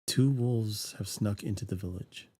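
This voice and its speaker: A man reading the lines of a serious young village woman in a horror visual novel, speaking quietly and gravely. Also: lowish voice, measured pace, dry recording.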